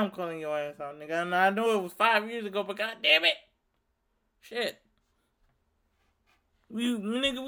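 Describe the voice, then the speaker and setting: A young man in his twenties from Louisiana, hosting a solo podcast and telling a story in a heated, profane, animated rant. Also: sits high, clean tone. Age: 20s. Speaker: podcast host. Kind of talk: ranting solo monologue.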